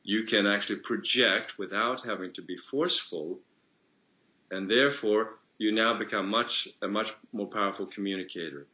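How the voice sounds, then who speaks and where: Bright-toned man explaining voice technique. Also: lowish voice. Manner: explanatory, teacherly, with pauses and restarts. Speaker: voice and singing coach. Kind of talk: interview explanation.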